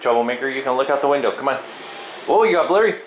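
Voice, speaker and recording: A man caring for a feral cat films it indoors, coaxing it in sing-song pet talk with his mid-range voice racing along. He repeats the cat's name and asks it playful questions. The low-quality recording carries a steady air conditioner hum.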